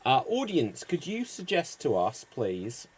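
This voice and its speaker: A man hosting an online improv comedy show, explaining the games in a brisk, upbeat way. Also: medium pitch, huge pitch swings, husky.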